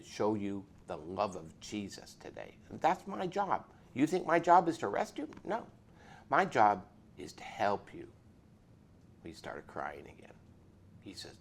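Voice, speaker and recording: Animated gravelly man telling a story. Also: lowish voice, slight background noise. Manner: dramatic, voices the people in his story. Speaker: police officer telling his testimony.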